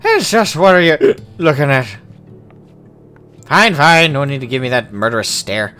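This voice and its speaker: A hearty, boastful dwarf who loves his ale, as a man puts him on, with a put-on Irish accent. The voice sits a bit high and swings lively up and down. Faint game music plays underneath. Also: moderate pace, clear, resonant tone. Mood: teasing. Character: jovial hard-drinking male dwarf adventurer. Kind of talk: voicing game dialogue aloud.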